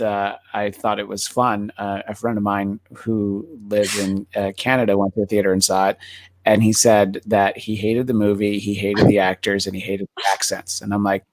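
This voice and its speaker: A man's voice: fairly low pitch, level tone, moderate pace, no room sound. A man hosting a podcast, chatting casually about movies and often stumbling over his words in restarts. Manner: hesitant, many restarts and fillers. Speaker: podcast host.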